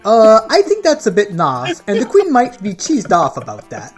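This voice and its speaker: A cheeky co-host with a British accent. The voice is husky, with pitch that swings about. Faint music plays behind it. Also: female voice, huge pitch swings, normal speed, darkish tone. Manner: cheeky and full of slang.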